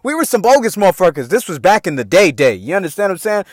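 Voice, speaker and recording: A man in his forties hosting a podcast, telling a family story in a loud, profane, comic way and laughing often. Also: high voice, fast, no echo, studio quality. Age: 40s. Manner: animated, swearing, laughs often, acts out quotes. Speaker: podcast host.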